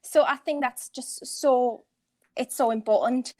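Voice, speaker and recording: A woman's voice: high-pitched, unhurried, darkish tone. A woman guest on a video call, speaking earnestly and gratefully about a course, with many fillers. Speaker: student guest. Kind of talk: casual video-call chat.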